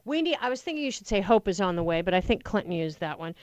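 A woman's voice: medium pitch, very animated, fast talker, darkish tone, dry recording. A woman hosting political call-in talk radio from a studio, passionate and rambling, often restarting her sentences. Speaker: fill-in talk radio host. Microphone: studio microphone.

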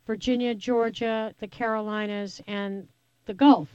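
A woman hosts a radio talk show and chats away with real enthusiasm. Her voice sits a bit high and sounds close and dry on the studio mic. She throws in quick asides as she goes. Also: fairly even intonation, warm tone, clear, resonant tone, no room sound, lo-fi sound. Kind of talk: talk radio chat with callers. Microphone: studio microphone.

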